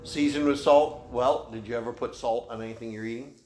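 A man's voice: medium pitch, steady tone, a little fast, a little mellow. A man teaching the Bible in a folksy, conversational way, answering questions from the people in the room. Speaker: pastor. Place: church room. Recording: echoey room, faint noise.

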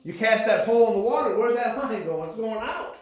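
A man preaching a sermon, building into shouted emphasis. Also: sits high, lively intonation, brisk. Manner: impassioned, rising to shouts. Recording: echoey church room.

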